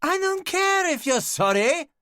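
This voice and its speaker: A man voicing a volatile, foul-mouthed male boss who shouts and swears. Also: very high voice, very animated, unhurried, dry recording, clean studio sound, pitched above the performer's own voice, exaggerated voice. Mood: sneering. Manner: shouting, swearing, spitting insults.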